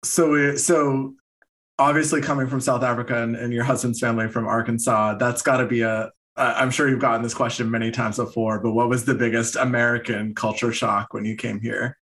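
A man's voice: medium pitch, flat delivery, fairly quick, a bit bright. A man hosting an interview, asking casual questions and laughing along with loose fillers. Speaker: interviewer, podcast host.

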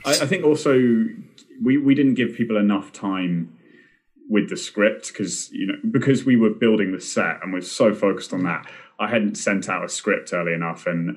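A young man chatting casually on a podcast, rambling and self-deprecating with plenty of fillers and restarts. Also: sits low. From Britain. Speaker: film director and podcast guest.

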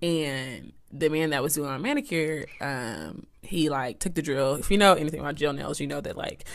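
A woman's voice: low-pitched, normal speed. A young woman co-hosting a podcast, chatting casually and telling a story with lots of "like". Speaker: podcast co-host. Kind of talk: casual chat.

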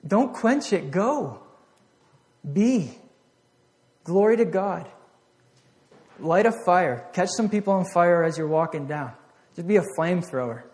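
A man preaching a sermon, earnest, swinging from loud exhortation to hushed reflection, often repeating and restarting his phrases. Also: high voice, animated, measured pace, pauses often, big-room sound.

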